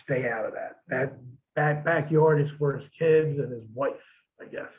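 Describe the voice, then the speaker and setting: A man's voice: medium pitch, normal speed, a little hiss or hum. A man telling wrestling road stories in a casual interview, laid-back and profane, laughing as he goes. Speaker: guest, former wrestler. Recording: tinny phone-like line.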